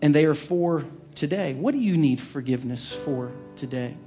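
Earnest pastor, man, slightly high voice. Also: animated, normal speed, faint music behind. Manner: earnest, drops to a hushed, soft voice at tender moments. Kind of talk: sermon with personal story.

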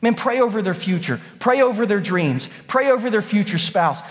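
Pastor, man, 30s, high voice, animated storyteller, church sermon with long hall echo. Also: normal speed. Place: church sanctuary.

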